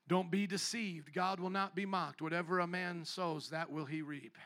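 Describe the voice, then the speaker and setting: A male pastor preaching a sermon in a church, theatrical and fiery, swinging between loud calls and quiet asides. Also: high voice, moderate pace, hardly any pauses. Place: church sanctuary.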